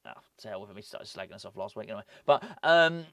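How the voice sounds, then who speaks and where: A man hosting a casual football vlog, rambling and animated, often breaking off with laughs. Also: fairly low pitch, quick pace, creaky, no echo. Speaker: football fan channel host.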